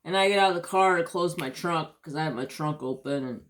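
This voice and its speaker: A woman with a fairly low voice tells a story in a casual vlog. She rants and swears, and she acts out what each person said. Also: brisk. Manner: ranting, swearing, acting out quotes. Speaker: crafting channel host.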